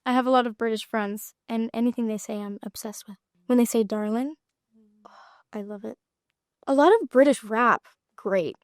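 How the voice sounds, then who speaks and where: An actress chatting as an interview guest, giggling often and trailing off with lots of fillers. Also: female voice, fairly high pitch, normal speed, no room sound, studio quality. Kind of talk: casual interview chat.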